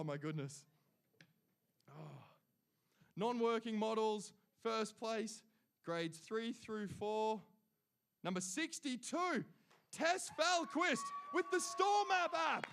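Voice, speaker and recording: A man's voice: very high-pitched, a bit bright. A man announcing award winners at a live ceremony, cheering them on and adding chatty asides between names.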